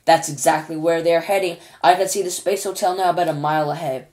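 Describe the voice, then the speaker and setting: A woman's voice: low voice, steady tone, fast, darkish tone, natural voice. A woman voicing a cheeky astronaut. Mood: cocky. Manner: cocky, casual slang, talking back. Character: brash, cheeky male astronaut. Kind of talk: children's storybook reading.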